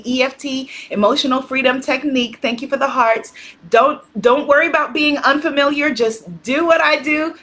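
A woman coaching a live tapping session, calmly guiding listeners and leading phrases for them to repeat, quiet and slow during the tapping rounds. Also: fairly high pitch. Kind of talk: guided tapping exercise on a live stream.

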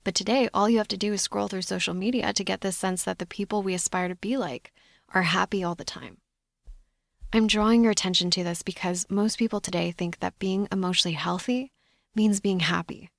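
A woman hosting a solo podcast, talking in a measured, reflective coaching tone. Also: medium pitch, steady tone, creaky, dry recording, clean studio sound. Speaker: podcast host.

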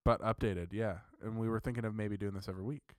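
A man with a somewhat low voice co-hosts a casual podcast, pressing his points emphatically and swearing freely. His talk is argumentative but relaxed among friends. The recording is dry, with no room sound. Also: fast talker, no room sound. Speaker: podcast co-host. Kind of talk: casual chat.

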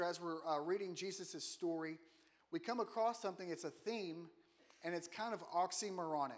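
A man giving a casual, joking sermon in a church, often putting questions to the congregation. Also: sits high. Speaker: guest preacher. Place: church auditorium.

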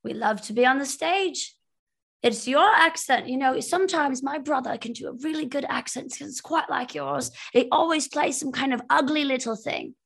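A woman's voice: high voice, normal speed, vocal fry, a bit bright. A woman voicing a small, chatty female wanderer from a family of stage performers, in a thick, hard-to-follow put-on accent and a showy, pushy manner. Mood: proud. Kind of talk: tabletop role-play.

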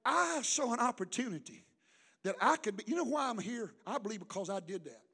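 A middle-aged pastor, preaching a sermon and swinging from loud shouts to hushed storytelling. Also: male voice, high-pitched, lively intonation, fairly quick, creaky, husky, long reverb tail.

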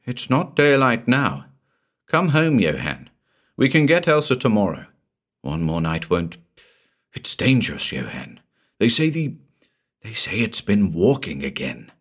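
A man's voice: medium pitch, huge pitch swings, measured pace, slightly rough, voice pushed up, exaggerated voice. A man reading the part of a frightened young village man who pleads anxiously. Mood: fearful pleading.

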